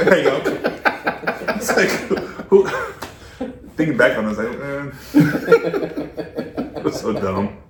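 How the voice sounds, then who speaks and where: A man recalling a story in relaxed casual chat, with tag questions and laughing at himself. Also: medium pitch, slow, pauses often, crowd noise. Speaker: podcast co-host. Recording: echoey room, faint noise.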